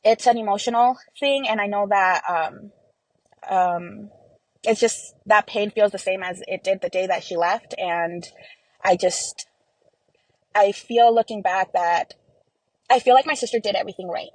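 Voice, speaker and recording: A woman's voice: mid-range voice, measured pace, no echo, rough recording. A woman speaking as an interview guest in a casual, emotional way, with many "like" and "you know" fillers.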